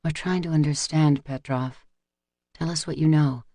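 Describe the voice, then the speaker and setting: A man voicing an earnest young woman who gently questions and pleads with a prisoner. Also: fairly high pitch, steady tone, moderate pace, dry recording, studio quality, lightly acted. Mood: pleading.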